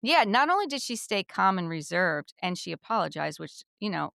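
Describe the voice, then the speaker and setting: A woman's voice: on the low side, sing-song, moderate pace, creaky, a bit bright, no room sound, clean studio sound. A woman co-hosting a podcast, chatty and agreeable as she retells scenes from a show. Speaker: podcast co-host. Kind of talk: casual chat.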